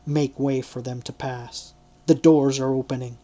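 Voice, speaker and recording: A man's voice: medium pitch, level tone, measured pace, mellow, natural voice. A man reading an audiobook voicing an agitated temple servant announcing news urgently.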